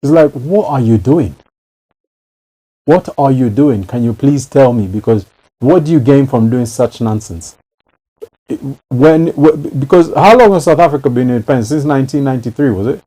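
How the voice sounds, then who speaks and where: A man's voice: mid-range voice, lively intonation, normal speed, dark tone, poor audio. A man in casual chat who talks emphatically and repeats phrases to drive a point home.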